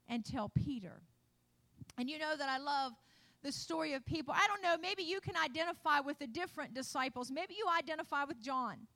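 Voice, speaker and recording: High, bright-voiced woman preacher; retells scripture and plays its voices. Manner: storytelling preacher, acting out Bible voices, rising to emphasis. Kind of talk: sermon.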